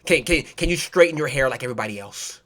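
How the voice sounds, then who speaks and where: A man's voice: mid-range voice, lively intonation, fairly bright tone, pitched below the performer's own voice, natural voice. A man voicing a stammering male authority figure who nervously forbids braids and dreadlocks. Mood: nervous scolding. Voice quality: halting, stuttering.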